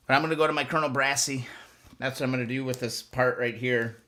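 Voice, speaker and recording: A man talks casually to his live-stream viewers, coaching them step by step as he works. His voice is bright and forward, set at an ordinary middle pitch, and his delivery is upbeat and chatty. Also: steady tone, quick pace, slight background noise. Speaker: host of a motorcycle restoration live stream.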